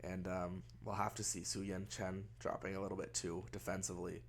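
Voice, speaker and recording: A man's voice: low-pitched, little pitch movement, a little fast, slight background noise. A young man with a nasal, stuffed-up voice from a cold, casually commentating a baseball management game with rambling, wry asides. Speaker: gaming video host.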